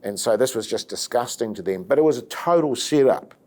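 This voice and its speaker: A man's voice: mid-range voice, animated, a little fast, dark tone. A man, giving dry remarks in an interview. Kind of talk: documentary interview.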